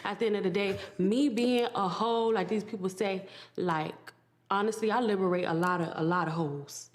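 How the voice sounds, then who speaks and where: A woman's voice: mid-range voice, moderate pace. A woman in an interview clip, speaking brashly and explicitly in slangy casual talk.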